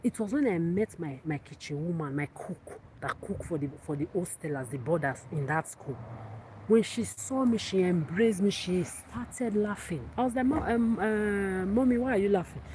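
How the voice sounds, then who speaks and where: A woman's voice: fairly low pitch, animated, moderate pace. Defiant, ranting woman. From Africa. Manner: defiant, profane, repetitive ranting. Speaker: livestream host. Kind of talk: angry livestream monologue. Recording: loud background noise.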